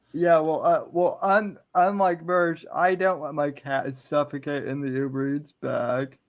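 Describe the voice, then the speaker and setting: A man chatting casually on a podcast, halting and repeating words as he talks. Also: on the high side, fairly even intonation.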